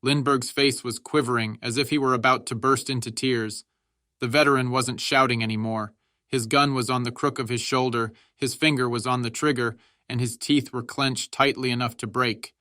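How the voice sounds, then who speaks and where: Male narrator, bright and forceful tone, dry close-mic sound, dramatic audiobook reading. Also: fairly even intonation, moderate pace, no echo. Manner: shouts quoted soldiers' lines with raised pitch.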